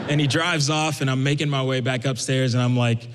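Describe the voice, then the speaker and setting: Speaking fairly quickly with hardly any pauses, a young man from Brooklyn, USA, performs a personal story live in a mid-range voice. He chats conversationally and animatedly quotes others, and the echoey hall carries slight background noise.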